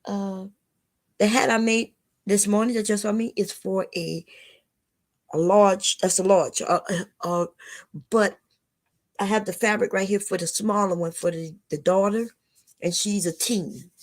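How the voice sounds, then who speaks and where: A woman's voice: medium pitch, steady tone, unhurried, long pauses. An older woman hosting a casual livestream, talking bluntly and lecturing her viewers, often calling them y'all. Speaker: livestream host.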